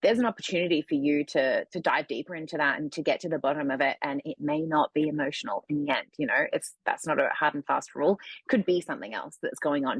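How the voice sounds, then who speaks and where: A woman's voice: deep voice, slightly rough, no room sound. A woman speaking candidly in a casual podcast conversation, giving advice about eating habits and emotions. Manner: candid, animated when acting out quotes. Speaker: guest, food coach.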